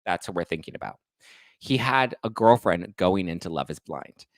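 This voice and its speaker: A man's voice: sits low, lively intonation, normal speed, no room sound. A man hosting a reality TV gossip show, reading text messages aloud and adding sassy, sarcastic asides. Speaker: pop culture podcast host.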